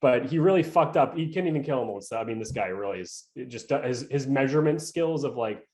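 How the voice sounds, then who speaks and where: A man's voice: mid-range voice, expressive, brisk, hardly any pauses, darkish tone. A man with a New England accent co-hosting a podcast, telling a story in a laid-back, profane way with lots of fillers. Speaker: podcast co-host. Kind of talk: casual storytelling chat.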